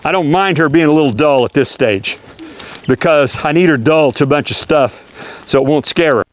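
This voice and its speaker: A man's voice: on the high side, normal speed. A man working as a horse trainer, explaining step by step as he works a young horse and asking rhetorical questions. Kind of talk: hands-on teaching while working a horse.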